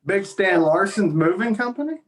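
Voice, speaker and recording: A man's voice: high voice, animated, normal speed, distant mic. A man chatting casually on a podcast, laughing and joking along. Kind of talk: casual chat.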